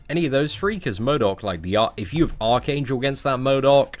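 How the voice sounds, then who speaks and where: A man hosts a casual game stream and hands out advice with lively, animated energy. He keeps slipping "mate" into his sentences as he talks the game through. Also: medium pitch, brisk, few pauses. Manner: animated, says mate a lot. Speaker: streamer and channel host. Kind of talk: casual gaming advice chat.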